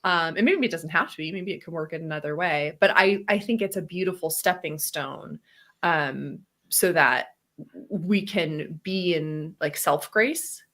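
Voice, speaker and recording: A woman co-hosting a casual, reflective podcast conversation, talking animatedly and acting out quoted voices with laughs. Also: measured pace. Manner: animated, acts out quoted voices with big pitch jumps, laughs often. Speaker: podcast co-host.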